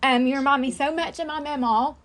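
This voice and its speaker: A woman's voice: sits high, steady tone, brisk, a bit bright, a little hiss or hum. A woman on a video call, emotional and gushing as she thanks a speaker. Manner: gushing, effusive. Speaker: sales consultant, meeting participant. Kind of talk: casual video-call sharing. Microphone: video call microphone.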